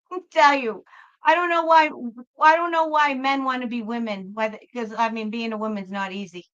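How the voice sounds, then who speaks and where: In a rambling live-stream chat, this tarot-reading woman keeps interrupting herself and starting sentences over. Her fairly high voice is clear, resonant and a bit bright, with fairly even intonation and moderate pace, though the highs are cut off.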